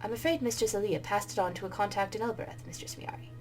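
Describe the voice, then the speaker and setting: A woman voicing a calm, formal male robot servant who speaks politely and deferentially. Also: mid-range voice, fast, soft background music, lightly acted, poor audio. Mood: tattling. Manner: polite, formal, says "mistress". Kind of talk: game dialogue read-aloud.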